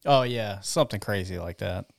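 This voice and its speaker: A man's voice: on the low side, normal speed, vocal fry, dry recording. A man co-hosting a casual talk show, making dry, wry remarks. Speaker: podcast co-host. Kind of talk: casual chat.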